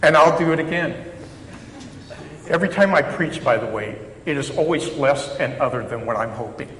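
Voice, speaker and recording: A man preaching a sermon, talking to his congregation in a loose, conversational way and mixing quiet reflection with jokes at his own expense. His voice sits at an ordinary middle pitch. It rings through a large, reverberant sanctuary over a faint background hiss. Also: normal speed. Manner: conversational and reflective, with self-deprecating humor. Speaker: chaplain preaching. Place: church sanctuary. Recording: echoey hall reverb, faint background noise.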